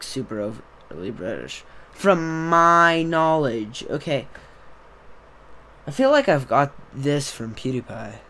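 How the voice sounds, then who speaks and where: A man's voice: mid-range voice, fairly bright tone, slight background noise. A young man hosting a podcast, talking in a rambling, casual monologue that keeps trailing off and restarting. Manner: rambling, trailing off, self-interrupting. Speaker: podcast host.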